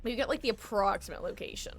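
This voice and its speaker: A woman's voice: fairly high pitch, lively intonation, racing, slight background noise. A young adult woman streaming a game, thinking aloud in casual commentary with self-mocking asides.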